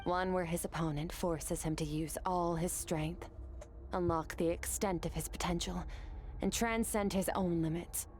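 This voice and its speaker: A woman voicing a calm, earnest young woman in a game, speaking softly, heard as game audio under a livestream. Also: lowish voice, measured pace, soft background music, close to an everyday voice.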